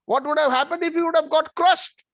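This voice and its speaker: A man voicing a gentle, caring father figure who coaxes a small child in a devotional story. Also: very high-pitched, fairly even intonation, fairly quick, pitched above the performer's own voice. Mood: coaxing.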